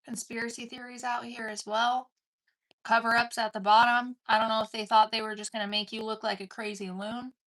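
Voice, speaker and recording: A woman's voice: on the high side, flat delivery, fairly quick, a bit bright. A woman giving an intense collective tarot reading, swearing casually and calling the listener "dude". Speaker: tarot card reader.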